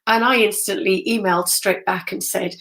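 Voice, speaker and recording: Rambling, excitable middle-aged woman. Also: mid-range voice, normal speed. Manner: rambling and excitable, frequent ums and self-corrections. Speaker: spiritual medium. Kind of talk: casual storytelling to a live online audience.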